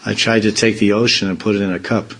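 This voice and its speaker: A swami speaking in an informal spiritual discourse, rambling from point to point with playful asides. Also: male voice, fairly low pitch, level tone, quick pace, fairly bright tone, low-quality recording. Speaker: swami giving a spiritual talk. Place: temple community in India.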